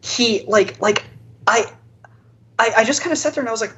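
A podcast co-host tells a long story about a card game match in casual chat. The telling rambles and stammers, with lots of restarts. The voice sits at a middle pitch, and the audio is dull and lo-fi. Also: moderate pace, a bit bright.

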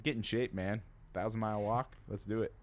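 A man's voice: lowish voice, fairly even intonation, brisk. A man in a casual chat, tossing in short playful quips and gross hypotheticals.

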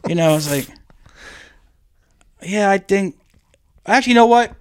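A man co-hosting a podcast, swearing freely and rambling through jokes in a somewhat high voice. The sound is dry and close to the mic. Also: expressive, unhurried, clear, resonant tone, no room sound. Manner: profane, rambling, jokey, laughs often. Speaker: podcast co-host. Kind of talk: crude casual comedic banter.

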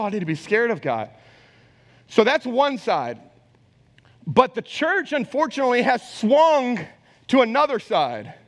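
A man preaching a sermon as pastor, conversational and animated, talking straight to the congregation. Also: very high-pitched. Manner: conversational, animated, acts out quoted voices. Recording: long hall reverb.

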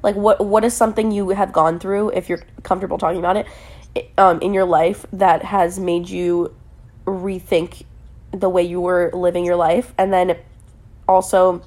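A woman's voice: lowish voice, level tone, moderate pace, a little mellow. A woman guesting on a podcast, chatting casually, teasing bluntly and swearing freely. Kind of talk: casual chat.

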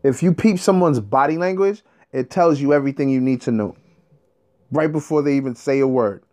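Animated man telling a street story. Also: medium pitch, a little fast. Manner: animated, profane, streetwise slang. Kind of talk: casual monologue.

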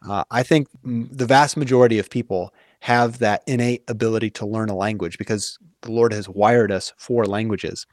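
A man's voice: mid-range voice, a little fast, hardly any pauses, darkish tone, no echo, studio quality. A man as an interview guest, explaining in an earnest, thoughtful way with many fillers and restarts. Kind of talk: casual conversational explaining.

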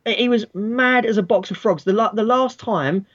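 A man in his forties telling a school story in casual chat, animated and swearing freely, acting out the people he quotes. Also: sits high, normal speed, lo-fi sound, a little hiss or hum.

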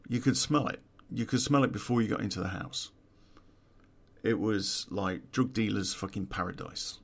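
A man's voice: lowish voice, normal speed, creaky, breathy edge. A man, telling a true-crime story in a casual, profane way and laughing at his own story.

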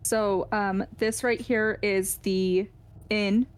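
A woman's voice: medium pitch, steady tone, takes it slowly, clear, resonant tone. Woman running a tabletop game. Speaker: game master.

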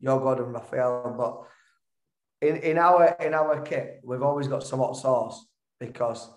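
A man's voice: mid-range voice, measured pace. A man, a band member telling stories as a guest, stumbling and restarting as he chats. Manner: chatty storyteller, stumbles and restarts, laughs through the story. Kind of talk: casual anecdote-telling. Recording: roomy echo.

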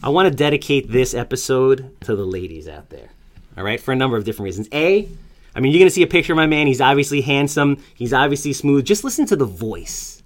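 A man's voice: mid-range voice, sing-song. Joking man hosting a podcast. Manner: joking, self-mocking, fast promo talk. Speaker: podcast host. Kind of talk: casual podcast chat.

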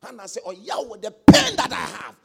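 A man preaching a sermon as pastor, swinging from quiet asides to loud shouted exhortation. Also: very high voice, huge pitch swings, brisk, vocal fry.

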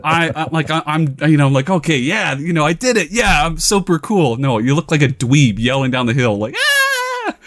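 A young man casually telling a funny personal story, laughing often and acting out his own yelling. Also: a little high, animated, fairly quick, few pauses.

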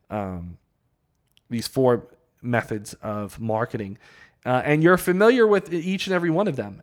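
A man hosting a podcast, explaining a topic in a loose conversational way and repeating his key points. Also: mid-range voice. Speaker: podcast host. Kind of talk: casual teaching monologue.

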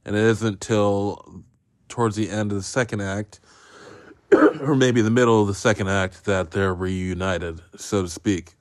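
Man, podcast host, casual solo film review, rambling, profane, self-mocking, deep voice, dry close sound. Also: steady tone, unhurried, dry recording.

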